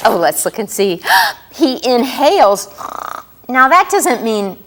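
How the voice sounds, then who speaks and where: A woman's voice: fairly high pitch, slight background noise. A woman reading a picture book aloud to young children as storyteller, asking them questions as she goes. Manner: animated, asks children questions often; drawn-out sing-song rhyming delivery.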